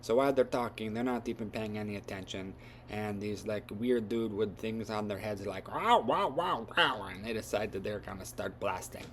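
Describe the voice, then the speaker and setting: Rambling male storyteller, lowish voice. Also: steady tone, fairly quick, darkish tone, slight background noise. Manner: rambling, loose grammar, many fillers. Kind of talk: casual retelling from memory.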